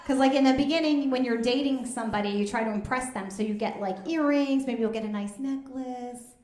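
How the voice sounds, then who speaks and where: A woman, doing a deadpan, conversational stand-up comedy set on stage at a live fundraiser show. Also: high-pitched, a little fast. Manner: deadpan, conversational, drops into asides. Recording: echoey room with loud audience noise.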